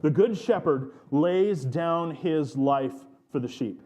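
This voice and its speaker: A male pastor delivers a sermon in a church. He talks at an unhurried, measured pace, and his voice sits a little high for a man. He stretches out and stresses the phrases he wants to land. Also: expressive, dark tone. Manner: earnest, emphatic preaching with slow stressed phrases.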